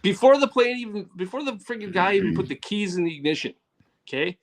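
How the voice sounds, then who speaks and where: A man's voice: sits high, expressive, fast. A man telling rambling comic stories on a podcast, joking and acting out bits of dialogue. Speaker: comedy podcast co-host. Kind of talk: casual comedic storytelling.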